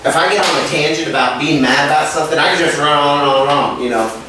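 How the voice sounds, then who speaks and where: A man's voice: a little high, fast talker. A young man chatting as a podcast co-host, rambling and filling his talk with "you know". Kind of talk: casual chat. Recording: very echoey room, distant mic, faint hiss.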